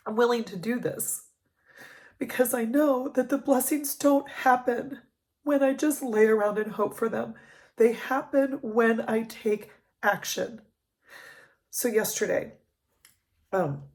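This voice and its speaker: Earnest woman coach in her 30s talking straight to camera, kinda fry-ish voice, gets emotional. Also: fairly high pitch, a little mellow. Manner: earnest, emotional, talks with emphasis. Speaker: life coach. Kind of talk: heartfelt personal vlog.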